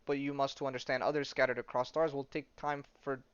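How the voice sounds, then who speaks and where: A man's voice: medium pitch, level tone, fast talker, clean tone, no echo, lightly acted. A man voicing an eager-to-help male space dog who speaks in broken grammar and calls himself by name. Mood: earnest. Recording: dull lo-fi sound.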